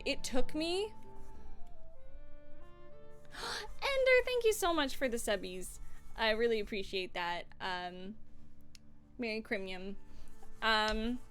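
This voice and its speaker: Chatty, foul-mouthed young woman streamer. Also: on the high side. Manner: chatty, swears freely, playful. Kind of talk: casual livestream chat while crafting. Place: home desk.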